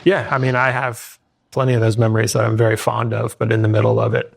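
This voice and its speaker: A man hosting a podcast interview, relaxed and affirming, with frequent 'like' fillers. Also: on the low side, quick pace, vocal fry. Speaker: podcast host. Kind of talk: casual interview chat.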